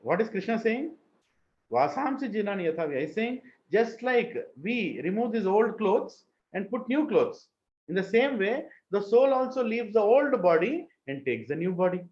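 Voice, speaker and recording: A man's voice: sits high, very animated, moderate pace. Indian man teaching a scripture class. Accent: Indian English. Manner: chants Sanskrit verses, asks the class questions. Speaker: spiritual teacher. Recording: muffled lo-fi room recording.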